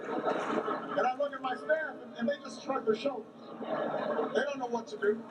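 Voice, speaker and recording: Brief: male candidate at a rally, high voice, distant echoey recording, halting storytelling. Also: fairly even intonation. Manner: halting delivery with many repeated words. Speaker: political candidate. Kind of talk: campaign rally speech, storytelling. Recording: echoey, distant mic, background noise.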